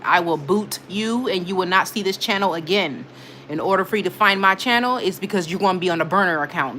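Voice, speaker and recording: A woman's voice: on the low side, sharp tone, a little hiss or hum. Emphatic scolding woman live-streaming. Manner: emphatic, scolding, repeats herself for effect. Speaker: livestream host. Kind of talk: casual live-stream chat, reading viewer comments.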